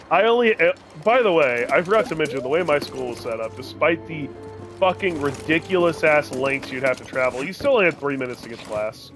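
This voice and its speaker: A young adult man streaming a game, telling a rambling, profane story in a casual, animated way. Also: fairly high pitch, brisk. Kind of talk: casual storytelling while gaming. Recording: game music under voice. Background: game music.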